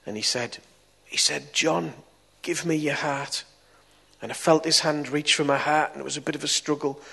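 A middle-aged man, preaching and telling a testimony story, moving between soft and loud moments. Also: on the high side, fairly even intonation, moderate pace, gravelly, slightly rough. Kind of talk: testimony sermon.

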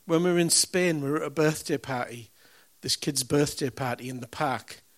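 Telling a story in a conversational way, a man preaches a sermon that swings from loud, punchy lines to hushed, reverent moments. His voice sits on the high side, and he speaks at a normal speed.

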